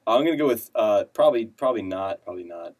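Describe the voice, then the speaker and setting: A man joining a casual chat, reacting quickly with jokes. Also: on the low side, animated, a little mellow.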